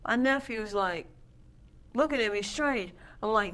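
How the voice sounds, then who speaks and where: A woman's voice: medium pitch, animated, moderate pace, a bit bright. A woman hosting an interview series, chatting casually and sharing her own anecdotes, often checking in with "right?". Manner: conversational, frequent "right?" affirmations, tells anecdotes. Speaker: interview host.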